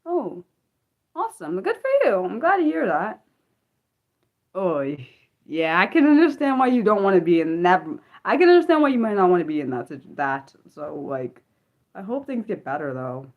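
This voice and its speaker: A young woman hosting an unscripted livestream, chatting excitedly with viewers and answering chat, with lots of fillers and restarts. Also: medium pitch, normal speed, narrow, tinny audio. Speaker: livestream host.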